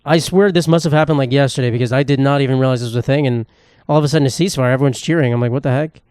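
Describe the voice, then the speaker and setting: A man's voice: mid-range voice, rapid-fire, a little mellow, clear, resonant tone, no room sound, studio quality. A young man, hosting a solo comedy podcast in a profane, sarcastic, rambling rant. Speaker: podcast host.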